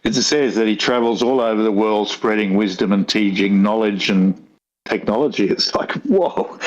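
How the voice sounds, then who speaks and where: A man's voice: on the low side, fairly even intonation, moderate pace, lo-fi sound. Older Australian man, broad rural drawl. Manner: rambling storyteller with dry humour. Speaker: guest. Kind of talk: casual chat.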